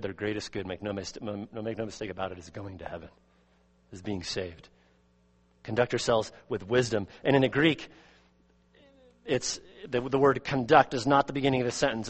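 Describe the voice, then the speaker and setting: A man preaching an expository sermon as pastor, earnest, repeating words and swinging from loud emphasis to quiet asides. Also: on the low side, husky, in a large hall. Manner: earnest, repeats words, rises and drops sharply in volume.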